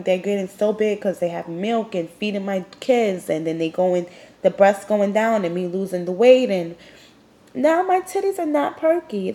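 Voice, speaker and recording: A woman's voice: mid-range voice, mellow. A young woman hosting a podcast, talking candidly and rambling with lots of "like" fillers, a little congested and sniffling. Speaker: podcast host. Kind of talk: personal confessional monologue.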